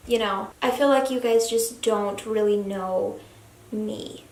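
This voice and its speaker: A young woman vlogger talking earnestly to camera in a room of a family house, soft-spoken and sometimes dropping to a hushed whisper. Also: medium pitch, fairly even intonation, takes it slowly. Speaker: YouTube vlogger. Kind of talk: confessional talk to camera. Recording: echoey room, faint background noise.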